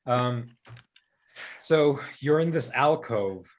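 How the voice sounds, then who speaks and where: A man narrating as game master of a tabletop game, halting and full of fillers and laughs. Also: medium pitch, animated.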